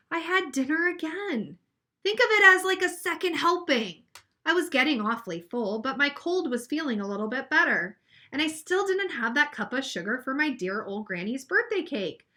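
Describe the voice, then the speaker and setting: A woman's voice: high-pitched, pushed and bright. A woman reading as a sly storybook wolf. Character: sly smooth-talking male wolf defending himself.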